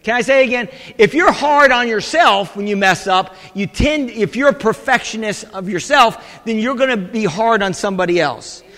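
High, bright-voiced emphatic pastor. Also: male voice, animated, moderate pace, few pauses. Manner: emphatic, repeating "amen" to the congregation. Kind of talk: sermon. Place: church. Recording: reverberant church hall.

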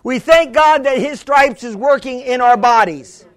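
A man preaching a sermon who keeps restarting, calls out to the congregation, and rises into shouted passages. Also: very high voice, measured pace. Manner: fervent, builds to shouts, calls for a witness.

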